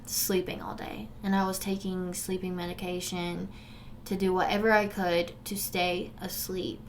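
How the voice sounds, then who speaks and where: A woman's voice: on the low side, flat delivery, unhurried, slight background noise. Earnest young woman speaking to viewers. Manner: earnest and emotional, addresses viewers directly; swings from forceful urging to soft, subdued recollection. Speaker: vlogger sharing a personal story. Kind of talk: candid direct-to-camera storytelling.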